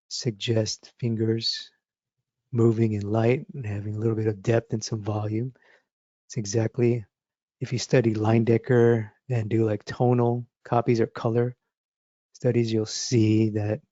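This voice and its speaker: A man teaching drawing, talking through his sketch step by step as he works, thinking aloud in a relaxed, encouraging way. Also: medium pitch, no echo, lo-fi sound. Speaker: drawing instructor. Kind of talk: live drawing demonstration.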